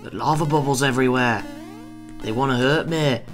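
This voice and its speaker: A man giving excitable let's play commentary, exclaiming and scolding the game as he plays. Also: a little high, normal speed, soft background music. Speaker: gameplay video host.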